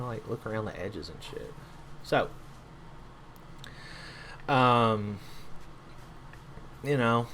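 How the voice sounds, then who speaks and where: A man's voice: medium pitch, fairly bright tone, a little hiss or hum. A man giving rambling, casual gameplay commentary, swearing freely as he plays. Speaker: gamer.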